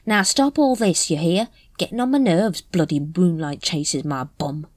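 A woman voicing a shifty, scruffy older male night watchman who mutters evasively in rough slang. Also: mid-range voice, very animated, a little fast, darkish tone, no echo, studio quality, voice pushed up, lightly acted. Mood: grumbling.

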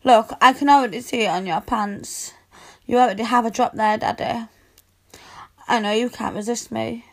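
A woman's voice: fairly high pitch, fairly quick. A woman voicing a needy, pouty young adult cat girl in an adult audio role-play, whining and pleading, with meows mixed in. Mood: teasing. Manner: whiny and pleading, sprinkled with meows.

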